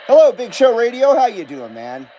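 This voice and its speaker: A man's voice: very high-pitched, very animated, normal speed, warm tone, slight background noise, low-quality recording. A man hosting a live stream in casual chat, reading viewer comments aloud and coughing now and then. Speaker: host.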